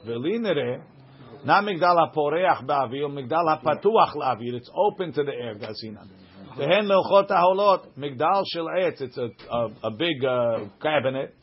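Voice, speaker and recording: A man's voice: mid-range voice, expressive, moderate pace. A man teaching a Talmud class, reading each phrase of the text and then explaining it line by line. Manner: reads Aramaic text then translates it line by line. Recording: dull lo-fi recording.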